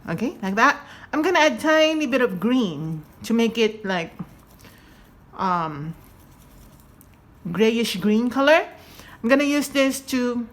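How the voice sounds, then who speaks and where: A woman's voice: fairly high pitch, expressive, takes it slowly, pauses often. A woman hosting a casual painting tutorial, chatty and giggly, with a slight lisp from her retainers. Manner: chatty, giggly, self-deprecating.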